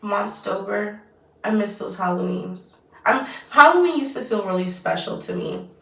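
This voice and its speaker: A woman's voice: mid-range voice, moderate pace, creaky, a bit bright. Chatty woman vlogging from across a roomy space. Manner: chatty, rambling, trailing off mid-sentence. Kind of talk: casual get-ready-with-me chat. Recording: roomy echo, mic at a distance.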